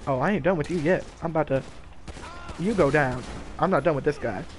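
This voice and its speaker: A young man streaming a game, talking casually with loud, profane, laughing trash talk. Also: fairly high pitch, fairly quick, a little hiss or hum. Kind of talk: casual gaming stream commentary.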